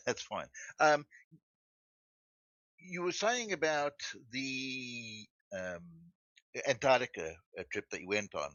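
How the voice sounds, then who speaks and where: Halting male caller, bright lo-fi voice. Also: medium pitch, expressive, no room sound. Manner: halting, stammering. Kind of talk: call-in chat.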